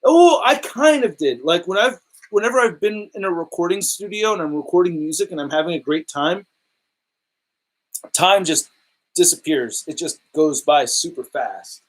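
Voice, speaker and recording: A man in his thirties with a fairly high voice talks on a casual home livestream. He rambles excitedly and leans on slang as he sorts his shelves. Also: normal speed, poor audio. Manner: excitable, rambling, says dude and epic. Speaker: collectibles livestreamer. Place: home display room.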